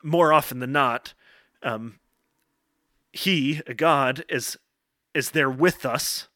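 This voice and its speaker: An earnest man delivers an informal devotional talk, direct and plain-spoken. His voice is bright and forward, and it sits dry and close with no room echo. He checks in with his listeners with "okay" and pauses on "um". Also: mid-range voice. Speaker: speaker addressing college men.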